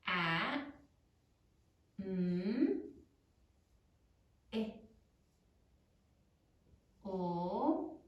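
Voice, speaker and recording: Woman teacher, spelling lesson; lively high delivery, slow careful sounding-out, a bit far from the mic. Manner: slow, drawn-out dictation, sounding out words. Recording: echoey room, mic at a distance.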